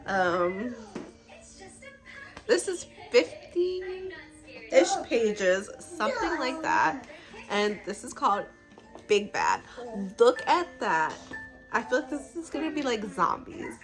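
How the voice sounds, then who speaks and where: A young woman in a book vlog, chatting and recapping what she read in a loose, animated way. Her pitch is a little high and jumps around a lot as she reacts. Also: takes it slowly, long pauses, faint music behind, poor audio. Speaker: book vlogger. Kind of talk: casual chat recapping a book.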